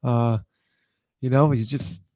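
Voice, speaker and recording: A man's voice: medium pitch, steady tone, slow pace, warm tone, no echo, clean studio sound. A man hosting his own show, talking casually and loosely to the audience, with plenty of swearing and repeated phrases. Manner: loose, profane, repeats himself. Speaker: host. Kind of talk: casual talk to camera.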